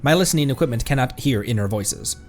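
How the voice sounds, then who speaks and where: A man reading the lines of a calm, formal robot dog companion from a game. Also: mid-range voice, fast talker, faint music behind, close to an everyday voice. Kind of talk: game dialogue read aloud on stream.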